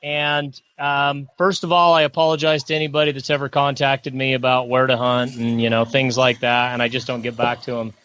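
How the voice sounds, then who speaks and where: A man's voice: medium pitch, flat delivery, brisk, few pauses, fairly bright tone. A middle-aged man talking casually on a podcast as a guest, rambling and repeating himself. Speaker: mule deer hunting guest.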